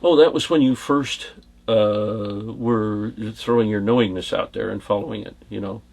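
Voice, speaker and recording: A middle-aged American man who used to work as a bodyguard answers questions in a casual storytelling interview, rambling through anecdotes and chuckling as he goes. His voice is fairly low, gravelly and a little mellow, at a moderate pace.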